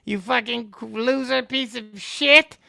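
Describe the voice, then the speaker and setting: A man voicing a crude, boastful male skeletal villain sorcerer in a vulgar trash-talking rant, with a shrill gravelly cackle. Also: fairly even intonation, measured pace, bright, forceful tone, dry recording, studio quality, exaggerated voice. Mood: gloating, vulgar.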